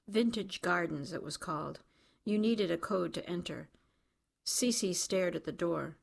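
A woman's voice: fairly low pitch, unhurried, gravelly, slightly rough. A woman narrating an audiobook in a wry, dry storytelling manner.

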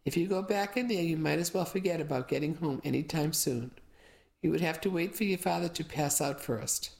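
A woman's voice: low-pitched, gravelly. A woman doing a wise, firm old grandmother. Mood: gently firm. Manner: measured, gently firm. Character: wise, doting Italian grandmother, calm and knowing.

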